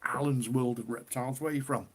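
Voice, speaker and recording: His husky, medium-pitched voice holds a steady tone and moves a little fast. He's a man from northern England hosting an easygoing livestream, reading viewers' comments aloud, chatting and laughing a great deal.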